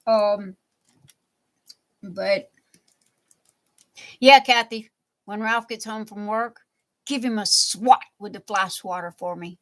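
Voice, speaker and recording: A woman's voice: mid-range voice, fairly even intonation, slow, long pauses. A woman hosting a live crafting stream from home, chatting playfully with viewers and laughing often. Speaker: livestream crafting host. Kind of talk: casual live chat reading viewer comments.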